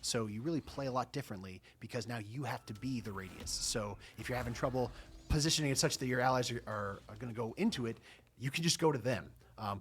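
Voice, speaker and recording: A man's voice: lowish voice, fairly bright tone, slight background noise. A man explaining game mechanics casually, with hesitant starts and dry, joking asides.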